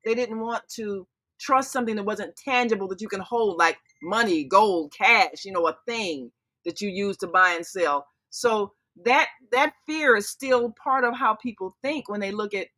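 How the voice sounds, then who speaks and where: A woman hosts a live-stream chat, talking at length in a chatty, reflective way. Her voice is bright and forward. The sound is dry and close, with no room around her. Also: mid-range voice, normal speed, no echo. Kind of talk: casual live-stream conversation.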